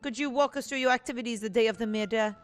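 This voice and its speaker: A woman voicing an earnest, modest male bird lawyer, reading game dialogue aloud in a brisk, upbeat way. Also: a little high, close to an everyday voice.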